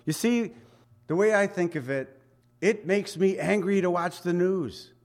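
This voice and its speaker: A pastor preaching a conversational sermon, swinging between loud emphatic bursts and quiet asides. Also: male voice, high-pitched, unhurried.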